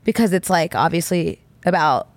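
A woman's voice: fairly low pitch, sing-song, normal speed, no echo. A young adult woman co-hosting a podcast in casual chat, telling stories with lots of "like" fillers. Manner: chatty, filler-heavy storytelling with lots of "like". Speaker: podcast co-host.

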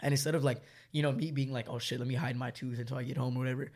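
A man's voice: mid-range voice, steady tone, racing, darkish tone. A young man telling a story to friends in casual chat, swearing often and using lots of fillers, laughing as he goes.

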